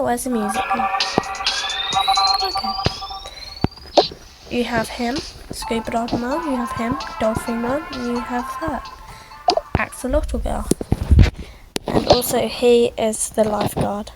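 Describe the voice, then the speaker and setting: A woman telling a game story in a chatty, sing-song way, over loud game music. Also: fairly high pitch, fairly even intonation, a little slow, pauses often, very noisy. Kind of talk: narrating a game playthrough story.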